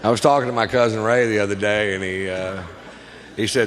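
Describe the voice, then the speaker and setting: A man's voice: fairly low pitch, fairly even intonation, brisk, a bit bright. A man from Texas doing a crude stand-up comedy routine, drawling through stories and putting on voices for the people in them. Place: large theater stage. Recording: live stage with hall reverb and audience noise.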